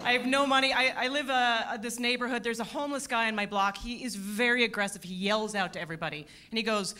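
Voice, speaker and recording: Woman in her thirties, stand-up comic, bright voice, a bit high, wry deadpan punchlines, stage mic. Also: fast, few pauses. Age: 30s. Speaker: stand-up comedian. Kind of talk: stand-up comedy set. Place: theatre stage at a comedy festival.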